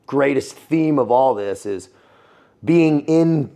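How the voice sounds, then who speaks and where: Gravelly, animated American man telling stories. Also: mid-range voice, slow pace. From United States. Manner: animated, profane, laughing, calls everyone dude. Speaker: guest, former Navy SEAL and Foreign Legionnaire. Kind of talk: casual interview storytelling.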